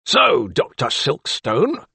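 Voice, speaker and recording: A man's voice: medium pitch, lively intonation, fast, gravelly, no echo, full character voice. A man doing a bullying prison keeper. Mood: gruff. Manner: barking, forceful delivery. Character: broad, mean male prison keeper, blunt and bullying. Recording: dry close studio sound.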